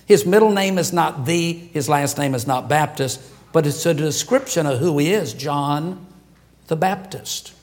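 A man's voice: on the high side, unhurried, darkish tone. A male pastor preaching a sermon to his congregation, conversational and jokey, chuckling at his own asides. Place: church sanctuary.

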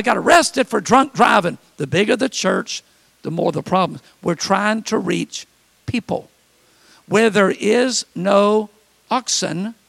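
A pastor delivering a lively sermon, acting out the whiny voices of complaining people. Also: male voice, high-pitched, gravelly, no room sound. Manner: preaching with mimicked complaining voices.

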